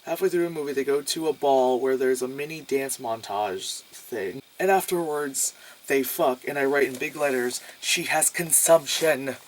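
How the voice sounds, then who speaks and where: A man's voice: mid-range voice, moderate pace, darkish tone, slight background noise. A man giving a casual movie review, rambling and sarcastic, full of filler words and swearing. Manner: swears freely.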